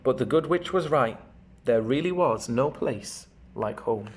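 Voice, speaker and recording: A man, a primary school teacher, reading a children's storybook aloud with animated, chatty asides to the children. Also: medium pitch, a little slow, a little hiss or hum.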